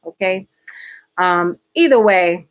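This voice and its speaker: A woman's voice: lowish voice, slow, highs cut off. Chatty Southern woman hosting a livestream. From Georgia, US. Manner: chatty, playful, reads viewer comments. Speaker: host. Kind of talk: casual livestream chat.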